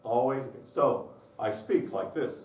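A man leading a workshop on children's singing, lively and demonstrative, acting out the voices he describes. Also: mid-range voice, takes it slowly. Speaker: choral music clinician. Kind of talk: conference workshop presentation. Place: conference session room. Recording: echoey room from far off.

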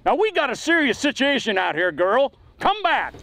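Guy doing a squeaky high loudmouth sheriff, bright and bouncy. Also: sing-song, normal speed, no room sound, exaggerated voice, poor audio. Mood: exasperated. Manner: brash folksy drawl, calls over the radio. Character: blustering, impatient small-town sheriff. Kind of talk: comedic film acting.

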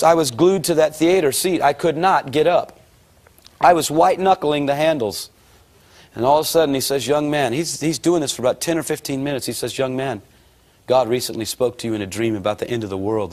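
A middle-aged man preaching, telling his conversion story in an animated way and acting out the voices he quotes. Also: mid-range voice. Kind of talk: sermon testimony.

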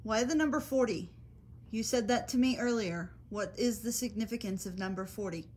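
A woman paranormal investigator calmly and persistently asking questions of spirits during a ghost hunt. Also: fairly high pitch, normal speed, a little hiss or hum. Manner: calm, coaxing, persistent questions.

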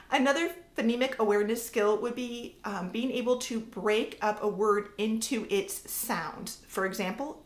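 In an echoey space, a woman in her thirties with a voice on the high side explains reading instruction to the camera. She's a homeschooling mom and educator, relaxed in tone, and she sounds out examples.

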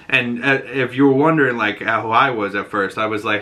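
Boston podcast host, male, bright and forward voice, loose rambling recap with quoted voices. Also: medium pitch, brisk, few pauses. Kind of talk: casual episode breakdown.

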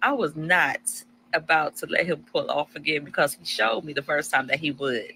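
A woman's voice: sits low, moderate pace, gravelly, pushed and bright, a little hiss or hum, low-quality recording. A woman telling a personal story casually, acting out her own past lines with animation.

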